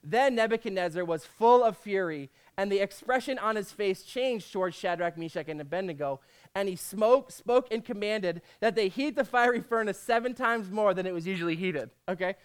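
A man's voice: high-pitched, normal speed, clean tone. A man preaching in a casual, jokey way, reading scripture aloud between conversational asides.

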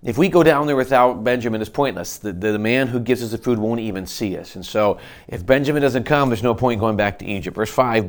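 A man's voice: medium pitch, a little fast. A man preaching. He reads scripture aloud and then explains it in a conversational way, often restarting his sentences. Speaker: pastor. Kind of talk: expository Bible teaching.

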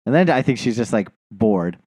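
A man's voice: lowish voice, very animated, normal speed, darkish tone, slightly rough, no echo, studio quality. Rambling, profane male podcast host. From New Jersey. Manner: rambling storyteller, profane, laughs a lot. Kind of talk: casual chat.

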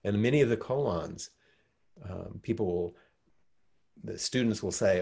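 Gravelly low-voiced meditation teacher. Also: male voice, normal speed, darkish tone. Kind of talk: teaching response in group discussion.

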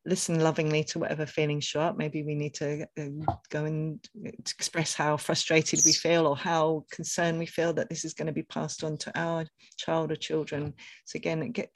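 A woman's voice: low-pitched, no room sound. A woman co-hosting a conversational podcast, talking expressively and laughing between thoughts. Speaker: podcast co-host.

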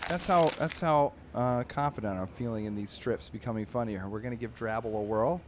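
A man hosting a comedy podcast, reading comic strips aloud in an animated way, laughing often and slipping into squeaky character voices. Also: fairly quick, hardly any pauses, a little hiss or hum.

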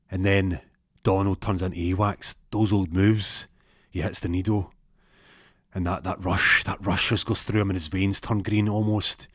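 Low-voiced man telling a comic story. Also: no room sound, studio quality. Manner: animated, jumps into high put-on voices for quoted characters.

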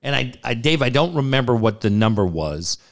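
An animated man tells a personal story in casual conversation. He acts out the other people in the story, and his voice leaps up sharply when he quotes them. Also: brisk. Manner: animated, acts out quotes with big pitch jumps. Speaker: guest telling a personal story.

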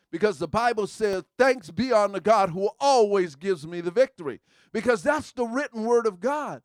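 A man preaching a sermon, calling for responses from his congregation and swinging from hushed asides to shouted lines. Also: high voice, clear, resonant tone, no echo. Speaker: pastor.

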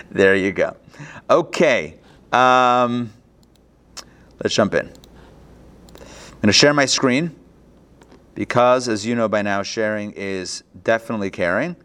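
On a video call, a man leads a live online class as a rabbi, lively and chatty, often thinking out loud and starting his sentences over. His voice is fairly low and clean, and he speaks slowly with long pauses.

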